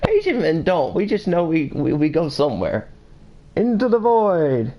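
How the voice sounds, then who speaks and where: A man's voice: a little high, huge pitch swings, unhurried, highs cut off. Rambling, crude American man on a podcast. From United States. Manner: rambling, crude, storytelling, stammering restarts. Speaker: podcast co-host. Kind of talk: casual podcast chat.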